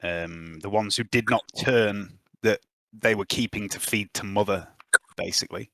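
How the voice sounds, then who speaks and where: A man playing a tabletop game, speaking hesitantly with many pauses. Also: lowish voice, fairly bright tone, dry recording. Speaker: player. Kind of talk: tabletop role-play.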